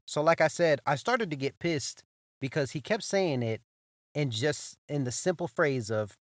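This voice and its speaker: A young man hosting a podcast, telling a story in a loose, animated way, full of swearing and "bro", circling back and repeating himself. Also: a little high, measured pace, dry recording, clean studio sound. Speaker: podcast host. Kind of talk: casual storytelling monologue.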